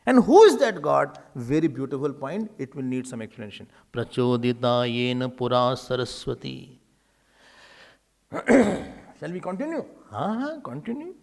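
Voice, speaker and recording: A male spiritual teacher gives a spiritual discourse. He tells stories in a lively, humorous way and acts out dialogues. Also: mid-range voice, normal speed, vocal fry. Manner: animated storytelling, acting out dialogues with humor.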